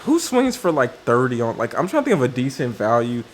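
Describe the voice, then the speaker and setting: A man talks through a set of game cards off the cuff, stopping often to think and restarting his sentences. His voice sits in an ordinary middle pitch. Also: wildly swooping pitch, brisk. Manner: thinking aloud with many fillers and restarts. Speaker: card game video creator. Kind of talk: casual commentary on card reviews.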